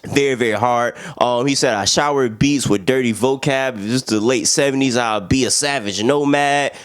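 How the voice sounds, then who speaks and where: A young man giving a casual album review, slangy and excitable, laughing often and jumping into quick impressions of what others said. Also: mid-range voice. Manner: animated, slangy, laughs a lot, jumps into quoted voices. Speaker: music reviewer.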